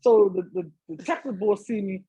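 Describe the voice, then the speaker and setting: A man's voice: sits high, a little fast, warm tone, husky, no echo, poor audio. A man, a podcast guest, telling a story in slangy casual talk, acting out the voices of the people in it. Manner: slangy, repeats "so I'm like", acts out voices. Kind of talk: animated storytelling in casual conversation. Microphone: studio podcast mic.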